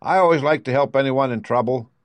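Storybook stork: a slow, kindly mother bird, put on by a man in a lifted voice. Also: mid-range voice, dry recording, pitched above the performer's own voice, natural voice. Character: female stork, gentle, motherly, helpful.

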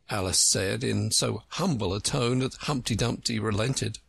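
A man narrating a children's story in a measured, expressive reading. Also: lowish voice, vocal fry, slightly rough, no echo.

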